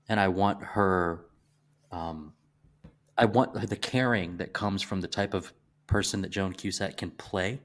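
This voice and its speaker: Southern man, low voice, casual podcast co-host, halting and reflective. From American South. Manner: halting, restarts often, thoughtful. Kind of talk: casual movie discussion.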